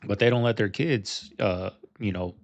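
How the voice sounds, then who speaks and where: A man's voice: fairly low pitch, moderate pace, lo-fi sound. A man hosting a reaction video, talking casually and rambling with lots of fillers and restarts. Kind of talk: casual commentary.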